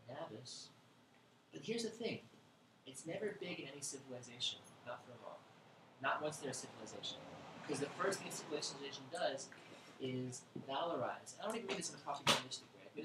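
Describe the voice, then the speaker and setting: A man gives a casual lecture in a bookstore, rambling and thinking aloud with an irreverent edge. His voice sits at an ordinary pitch. The room is echoey, with steady background noise.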